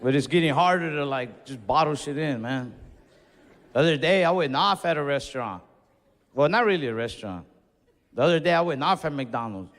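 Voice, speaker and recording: A man's voice: on the high side, expressive, brisk. A man doing stand-up comedy, telling a story in a casual, profane, exasperated way on a club stage. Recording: reverberant venue with faint audience noise.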